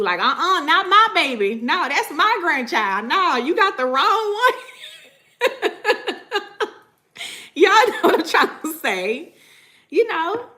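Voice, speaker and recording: A woman vlogging casually to her viewers about spiritual matters, animated and profane, laughing often. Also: a little high. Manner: profane, animated, laughs often, repeats "you know what I'm saying".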